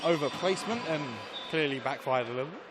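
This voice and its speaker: A man calling live volleyball play-by-play in brisk calls with wry asides. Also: on the high side, expressive, background noise. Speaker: play-by-play commentator. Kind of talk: live sports commentary.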